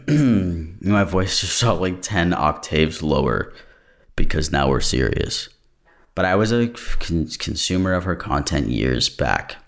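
Man, very low voice, casual podcast monologue, candid, digressive. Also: lively intonation, slow pace, creaky. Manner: candid and digressive, breaks off mid-thought. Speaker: podcast host. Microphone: camera-recorded.

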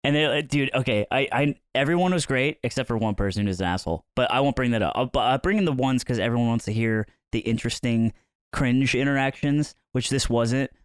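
A man telling stories on a podcast, his pitch jumping around as he acts out everyone in the story. His voice is mid-pitched and sounds dry and close to the mic. He keeps it loose and chatty, with lots of fillers and restarts. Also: fairly quick, smooth, dry recording. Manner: animated, acts out quoted people with sudden pitch jumps. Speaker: podcast co-host. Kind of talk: casual storytelling chat.

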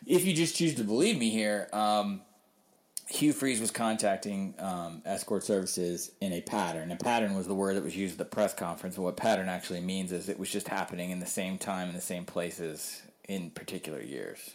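Low-voiced candid man reporter. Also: moderate pace. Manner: candid, conversational, rambling with frequent ums. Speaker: sports reporter. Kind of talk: casual podcast interview.

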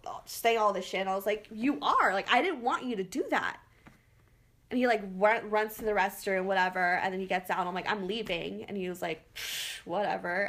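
A woman in her twenties on a podcast, telling a story in casual chat, swearing freely and acting out what people said. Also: mid-range voice. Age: 20s. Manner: animated, swears freely, acts out quotes. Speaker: podcast host.

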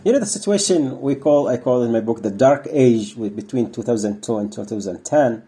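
A man's voice: medium pitch, animated, a little fast, warm tone, slightly rough. A man, a former detainee, answering interview questions and searching for words with many restarts.

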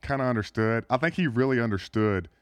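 A man in his thirties, a former football player, chatting as a podcast guest in a studio, talking in a halting way full of fillers and restarts. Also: mid-range voice, animated, no echo. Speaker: NFL tight end guest. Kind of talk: casual podcast interview.

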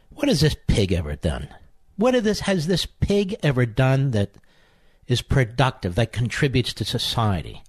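A man's voice: medium pitch, no echo, studio quality. A man hosting talk radio, delivering a combative monologue, mocking and sarcastic, hammering his insults through repetition. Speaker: radio talk show host. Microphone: studio microphone.

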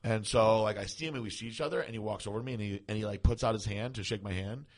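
A man's voice: fairly low pitch, racing. A man in his forties telling stories in a casual podcast chat, laughing often. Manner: laid-back storyteller who laughs often.

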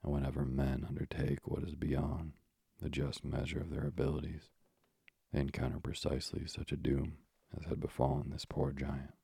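A man narrating a bedtime story in a calm, hushed, measured way. His voice is extremely deep and heavily gravelly, with a flat, unmoving melody. The recording is dry and close. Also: no echo. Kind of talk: slow, soothing sleep-story reading.

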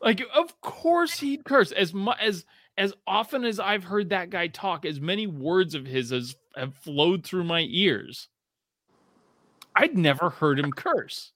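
A man in his thirties co-hosting a casual sports podcast, telling stories with lots of swearing and climbing pitch when he gets excited. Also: unhurried, dry recording, studio quality. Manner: animated storyteller, swears freely, rising pitch when excited. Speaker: podcast co-host.

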